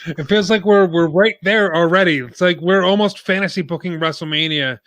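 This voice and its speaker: A man hosting a wrestling podcast in casual chat, animated and quick to laugh. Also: high-pitched, no room sound. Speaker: podcast host.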